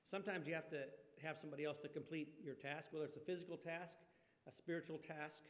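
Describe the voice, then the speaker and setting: A man's voice: on the high side, steady tone, quick pace. A man preaching a conversational sermon, folksy, often asking his congregation questions. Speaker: pastor. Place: church sanctuary. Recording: long reverb of a church hall.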